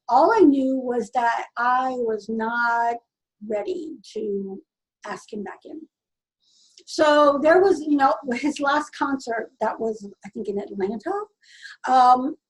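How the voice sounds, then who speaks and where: A woman casually telling a personal story in an earnest, halting way, often restarting her sentences. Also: high voice, low-quality recording. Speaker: vlogger.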